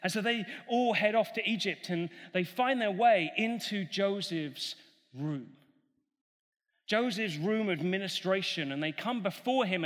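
A man preaching a sermon, retelling a story in an animated way and acting out the characters' voices. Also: sits high. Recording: long hall reverb.

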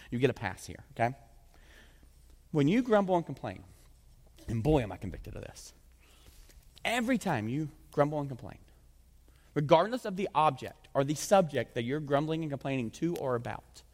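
A man preaching a sermon as pastor, animated and conversational, his voice climbing high when he presses a point. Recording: long hall reverb.

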